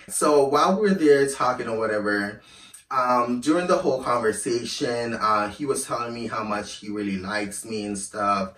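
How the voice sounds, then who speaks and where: A man telling a personal story in a casual, animated way, blunt and swearing freely. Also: fairly low pitch, recorded from a distance. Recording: echoey room, voice off-mic.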